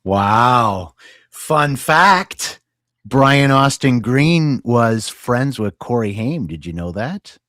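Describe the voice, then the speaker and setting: A man's voice: mid-range voice, expressive, extremely slow, fairly bright tone, no echo, clean studio sound. A man hosting a casual interview, giving brief reactions and asides. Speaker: host.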